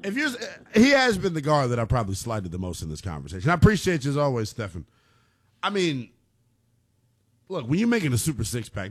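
Animated young sports radio host, lively pitch. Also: male voice. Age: young adult. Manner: animated, playful, laughing.

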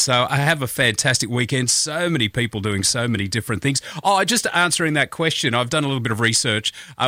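A man's voice: medium pitch, bright, forceful tone, no echo, studio quality. A man with an Australian accent hosting breakfast radio, chatting casually and reading out birthday wishes with jokey, self-mocking asides. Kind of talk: casual radio chat and birthday call-outs.

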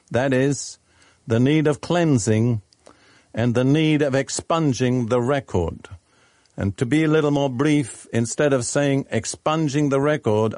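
A man preaching a sermon in a measured, deliberate teaching manner. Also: mid-range voice, a little mellow, no room sound.

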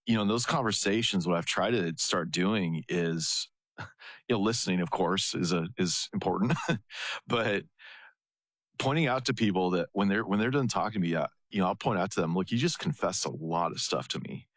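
A man in his fifties, a guest on a faith radio show, speaking in a relaxed way and laughing easily. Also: low voice, moderate pace, no echo. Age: 50s.

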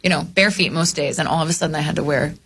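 A woman's voice: deep voice, steady tone, racing, fairly bright tone, breathy edge. A woman in her thirties, a musical theater actress, chatting as a guest and laughing easily. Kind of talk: casual chat.

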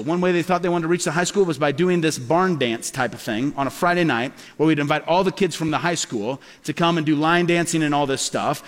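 A middle-aged male pastor preaching a sermon as a lively storyteller, acting out the voices he quotes. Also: a little high. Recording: long hall reverb.

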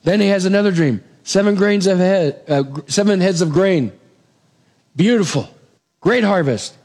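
Lively middle-aged preacher man. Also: high voice, normal speed. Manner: lively storytelling, acting out voices of the characters. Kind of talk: sermon retelling a Bible story.

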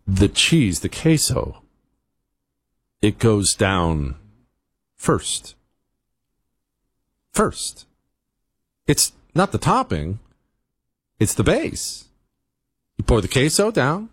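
A man's voice: mid-range voice, slightly rough, no echo. A middle-aged man hosting a talk show, ranting emphatically and with exasperation, turning to a co-host now and then. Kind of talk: animated comedic rant.

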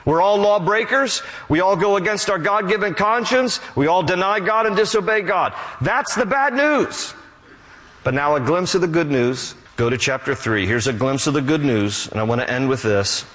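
Casting: male pastor, slightly high voice, lively sermon delivery, long hall reverb. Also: fairly quick, few pauses. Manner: animated preaching, reads scripture aloud.

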